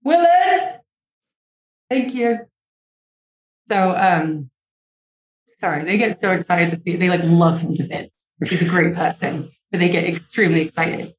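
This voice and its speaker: A woman's voice: fairly low pitch, fairly even intonation, normal speed. Young woman, podcast guest, candid and emotional, heavy swearing and "like" fillers, echoey home room. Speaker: interview guest. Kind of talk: candid conversational storytelling.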